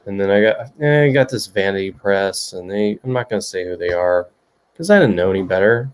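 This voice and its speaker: A man's voice: deep voice, lively intonation, a little fast, clear, resonant tone. A middle-aged man, an author hosting a livestream, chatting loosely and jokingly with viewers and reading their comments. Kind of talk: casual chat.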